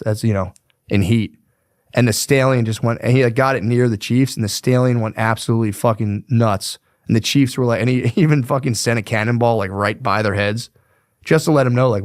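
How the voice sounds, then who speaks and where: This young male podcast host has a medium-pitched, slightly mellow voice with fairly even intonation and a moderate pace. He tells history casually, swearing, using slang, and rambling with fillers, in a dry recording with clean studio sound.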